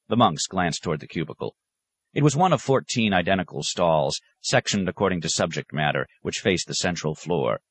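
A man reading a novel aloud with calm, expressive narration. His voice sits fairly low and moves with lively intonation, and the recording is dry and close with no room sound. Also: moderate pace, breathy edge, no echo. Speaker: audiobook narrator. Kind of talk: scripted narration.

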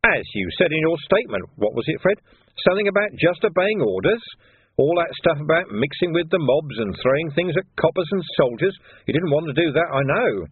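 A man's voice: a little high, expressive, fairly quick, slightly rough, dry recording, pitched above the performer's own voice. A man voicing a shrewd male police commander who talks with dry, mock-cheerful menace, recorded with a narrow phone-like sound. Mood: sardonic.

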